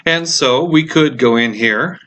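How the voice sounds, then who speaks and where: A man's voice: mid-range voice, unhurried, slight background noise. Guy walking students thru code on screen, lots of ums, got hiccups, some typing behind. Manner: relaxed, explanatory, frequent ums and uhs. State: has the hiccups. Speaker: computer science instructor. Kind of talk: screencast code walkthrough lecture.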